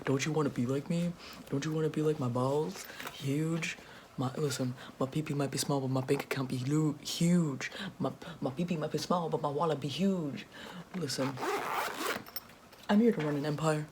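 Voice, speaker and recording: A woman's voice: steady tone, normal speed, slight background noise, natural voice. A woman doing a smug, menacing billionaire boss in whispered role-play. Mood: boastful. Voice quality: put-on deeper voice, soft and whispery. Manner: smug, mocking, carelessly menacing, comic. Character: greedy boastful billionaire boss man, cruel.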